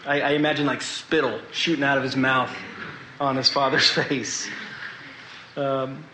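A man preaching a sermon to a congregation, earnest and confessional, pausing to ask them questions. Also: mid-range voice, little pitch movement, sharp tone, reverberant, a little hiss or hum, poor audio.

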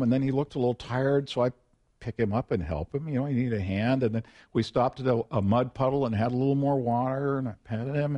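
Male pastor telling stories in a sermon, folksy, pokes fun at himself, animated. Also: mid-range voice. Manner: folksy, self-deprecating, animated storyteller. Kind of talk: sermon with personal storytelling.

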